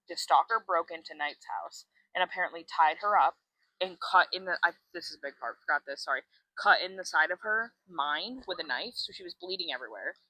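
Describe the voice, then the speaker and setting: A woman's voice: deep voice, sharp tone, no echo. A woman co-hosting a casual podcast, retelling a story in a rush of "like" and swear words. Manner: breathless retelling full of "like", swears freely. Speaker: podcast co-host. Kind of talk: casual chat.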